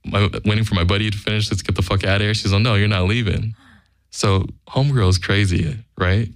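A man's voice: fairly low pitch, steady tone, a little fast, dry recording, studio quality. A man telling a casual, profane anecdote in a blunt way, acting out the quoted lines. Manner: blunt, acts out quoted dialogue. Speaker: guest storyteller.

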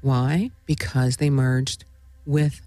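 A woman's voice: very deep voice, fairly even intonation, slow, mellow, no echo, soft background music. A woman hosting a spiritual talk show, speaking in a meandering monologue full of "you know" and "right?". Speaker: host.

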